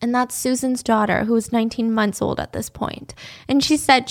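A woman's voice: a little high, steady tone, normal speed. A woman narrating a true crime case in a casual, conversational way, with blunt opinionated asides.

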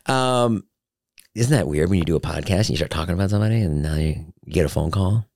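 Male podcast host, low and dry, chatty rambling storyteller. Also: fast talker, darkish tone, no echo. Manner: rambling, joking anecdotes with many fillers. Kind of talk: solo podcast chat.

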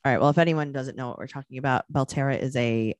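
A woman's voice: rumbling low, fast, no room sound. A woman co-hosting a podcast, chatting casually and sarcastically as she recaps a TV show. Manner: animated, sarcastic, mimics people in quotes. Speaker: podcast co-host.

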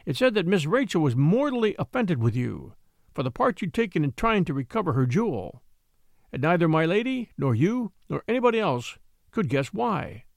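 A man's voice: fairly high pitch, very animated, moderate pace, vocal fry, no room sound, clean studio sound. A man voicing an elderly male house steward who is stubborn, fussy and loyal, in an audiobook reading. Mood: obstinate. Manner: obstinate, fussy and respectful.

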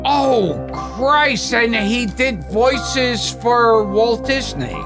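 A man co-hosting a casual chat about old films, reminiscing with drawn-out exclamations. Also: very high-pitched, expressive, music in the background. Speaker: podcast co-host.

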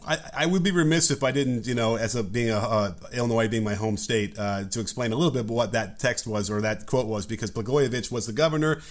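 A man's voice: medium pitch, fast talker, few pauses. A man from Chicago co-hosting a podcast, joking and rambling with fillers. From Chicago, USA. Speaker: podcast co-host. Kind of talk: casual political chat.

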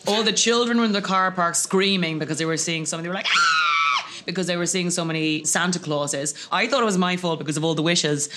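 A woman in her thirties, a comedian guest telling lively comic anecdotes over lunch and slipping into voices. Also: lowish voice, quick pace, hardly any pauses.

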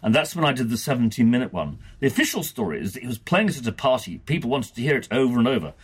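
A man's voice: medium pitch, sing-song, very fast, breathy edge. A man co-hosting a casual podcast chat, reading quotes in a dry, wry way. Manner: dry, wry, reads quotes aloud in his own voice. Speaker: podcast co-host reading from archive interviews.

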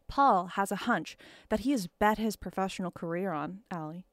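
A woman's voice: medium pitch, normal speed, no echo. A woman co-hosting a casual podcast who tells a dramatic history story in a serious narrating voice. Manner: giggly, breaks into laughter, then reads seriously.

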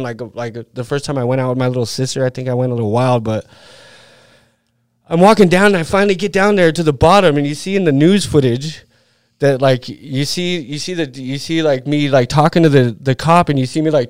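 A man's voice: fairly high pitch, darkish tone, smooth, dry recording, clean studio sound. A man in his forties from Utah, a podcast guest telling a story in a rambling, profane way, full of "like" and "dude". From Utah, USA. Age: 40s. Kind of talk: casual storytelling.

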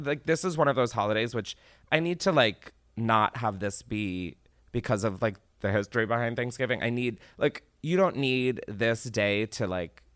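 A man's voice: fairly low pitch, a bit bright, smooth, no echo, studio quality. A man hosting a podcast in casual chat, rambling, laughing often and swearing freely. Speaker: podcast host.

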